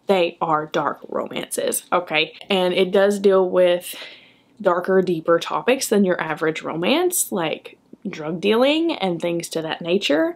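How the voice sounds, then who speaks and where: A young woman chatting enthusiastically in a book vlog, often tagging her remarks with a quick "okay?". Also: medium pitch. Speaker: book vlogger. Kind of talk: casual chat.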